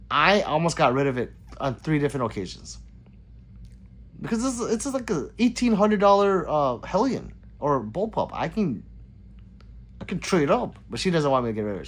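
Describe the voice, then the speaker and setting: Lively man reading livestream chat. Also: mid-range voice, moderate pace. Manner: chatty, laughs often, reads comments aloud in a lively voice.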